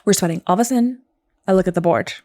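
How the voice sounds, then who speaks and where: A woman's voice: on the low side, racing, mellow, no echo. A woman co-hosting a comedy podcast, telling a story in a chatty way full of "like". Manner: chatty, peppered with "like". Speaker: podcast co-host.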